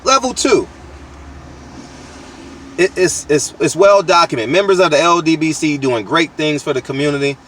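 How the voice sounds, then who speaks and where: Recorded outdoors on a distant mic, this male channel host has a slightly high, fairly bright voice. His opinion rant is blunt, slangy and profane, full of emphatic restarts.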